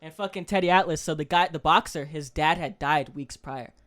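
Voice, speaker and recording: Animated, profane young podcast co-host. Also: male voice, fairly high pitch, a little fast. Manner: animated, swears freely, acts out coaches' speeches in a loud voice. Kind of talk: casual podcast chat.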